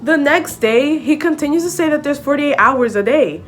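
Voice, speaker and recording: A young woman telling a story-time vlog in a loose, chatty way, peppering her talk with "like" and "okay?" and flipping between English and Spanish. Faint music sits quietly under her voice. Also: high voice, expressive, moderate pace. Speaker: vlogger. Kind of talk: casual story-time chat to camera.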